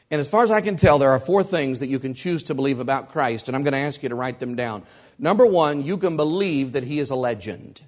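Preaching deliberately and with emphasis, this man, a pastor, repeats his key lines to give them weight. His pitch runs slightly above the typical male range, and the talk is a sermon.

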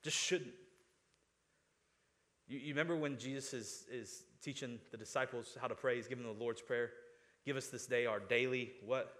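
A man delivers a sermon in a chatty, back-and-forth manner. He keeps asking the congregation questions and stumbles over repeated words as he pushes his point. His voice sits at an ordinary middle pitch. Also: fairly even intonation, moderate pace, a bit bright. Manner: conversational preaching with frequent rhetorical questions and stammered restarts. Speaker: pastor.

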